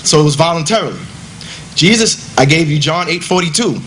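Male debater with a high voice, emphatic and casual in delivery, rapid-fire rhetorical questions, faint hiss behind. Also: expressive, a bit bright. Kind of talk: debate rebuttal.

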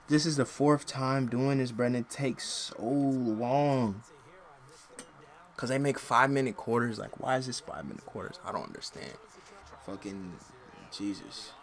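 Young dude doing laid-back game commentary, lots of slang, gets heated and cusses at his players, normal mid voice. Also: mid-range voice. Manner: slangy, frustrated, yells and curses at the game. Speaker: gaming channel host. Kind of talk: casual gameplay commentary.

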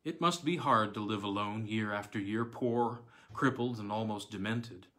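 A gentle young woman, read by a male narrator, speaks softly and with sympathy. The delivery stays mild and unhurried, in a voice only a touch lifted above his own. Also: on the low side.

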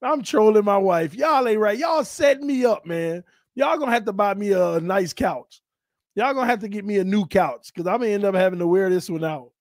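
A man's voice: high-pitched, a little fast, no room sound, clean studio sound. A man from Florida hosting a casual sports talk livestream, joking and trash-talking as he reads the chat aloud. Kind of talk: casual live-chat banter.

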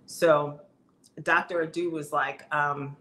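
A woman's voice: deep voice, little pitch movement, takes it slowly, fairly bright tone. A middle-aged woman coach giving an emphatic, conversational motivational talk straight to her viewers.

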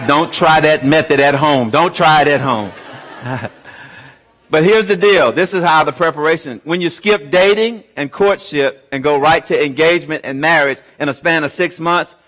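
Animated, humorous male preacher. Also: a little high, moderate pace, some chatter behind. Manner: humorous, animated storyteller who acts out dialogue. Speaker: guest chapel speaker. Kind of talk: sermon with personal storytelling. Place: university chapel.

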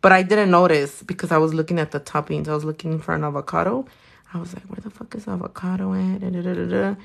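A woman's voice: lowish voice, fairly even intonation, quick pace, vocal fry. A young woman telling a story in a casual chat while doing nails, talking in a chatty, profane way. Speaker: nail artist vlogger.

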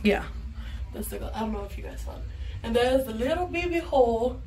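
A woman's voice: a little high, lively intonation, fairly quick, dark tone, a little hiss or hum. A young woman telling a story in a casual vlog, chatty and rambling with lots of swearing, filmed on her phone at home. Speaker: vlogger. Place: bathroom at home. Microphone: phone camera.

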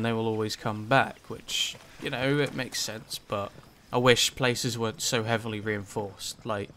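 A man's voice: mid-range voice, pushed and bright, a little hiss or hum. A man giving casual gameplay commentary, rambling with lots of ums and likes and some swearing. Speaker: gaming channel host.

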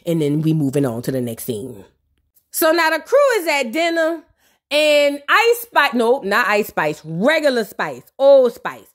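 A woman recapping a reality show in a gossipy, slangy, animated way. Her voice sits high. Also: a little slow. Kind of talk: casual comedic recap.

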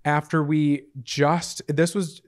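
A man's voice: a little high, little pitch movement, slow. Earnest male podcast co-host. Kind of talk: casual chat.

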